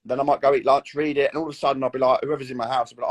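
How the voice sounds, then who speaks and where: A British man in his thirties chatting as an actor guest in an interview, animated and full of acted-out quotes. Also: medium pitch, racing, hardly any pauses. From Britain. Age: 30s. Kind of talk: casual interview chat.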